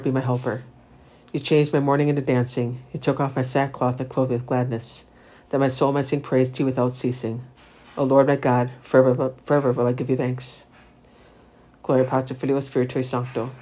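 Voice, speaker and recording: A man reciting the Divine Office, reading psalms and lessons in a steady liturgical recitation. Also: medium pitch, a little fast. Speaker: prayer leader.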